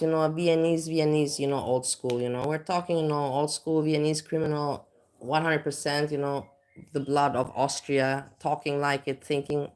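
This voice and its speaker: Rambling woman with a low voice. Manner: rambling, many restarts and fillers. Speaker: livestream host. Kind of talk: casual livestream chat.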